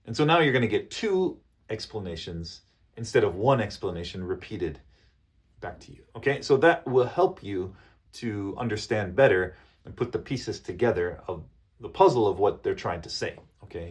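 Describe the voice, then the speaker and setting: A man coaching business English, explaining phrases patiently and repeating each example slowly with frequent checks like "okay?". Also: fairly low pitch, a little mellow. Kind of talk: business English lesson to camera.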